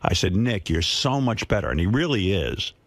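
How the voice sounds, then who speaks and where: Low-voiced man telling brash studio stories. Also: moderate pace, no room sound. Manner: animated storyteller, swears freely, mimics others in quotes. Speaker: radio host. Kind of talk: casual radio talk. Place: radio studio. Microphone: close studio microphone.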